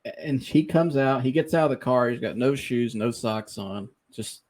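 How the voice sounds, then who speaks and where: A man's voice: mid-range voice, normal speed. Laughing man telling a wild story. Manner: animated storyteller, laughs often, mimics people he quotes. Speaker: podcast host. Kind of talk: casual storytelling.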